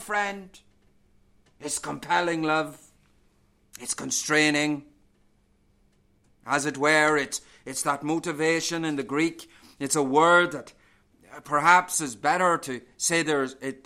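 Bright-voiced male preacher. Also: sits high. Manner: preaching with rising emphasis and rhetorical questions. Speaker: pastor. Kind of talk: sermon.

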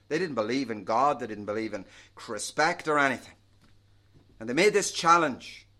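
A man preaching a sermon in an earnest, measured way, rising and falling in volume for emphasis. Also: mid-range voice, fairly bright tone.

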